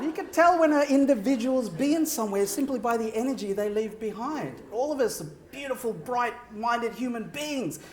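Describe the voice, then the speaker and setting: Lively high-voiced man giving a keynote. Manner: animated, audience-directed, frequent "right?" checks. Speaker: keynote speaker. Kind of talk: energetic conference keynote. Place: large conference hall. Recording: roomy echo of a large hall.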